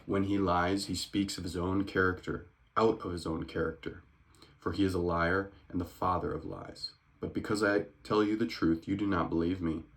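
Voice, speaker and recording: A calm, earnest teacher, read aloud by a man in a low, deep voice. It is a casual scripture reading, plain and unforced, and it speeds up now and then. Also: moderate pace.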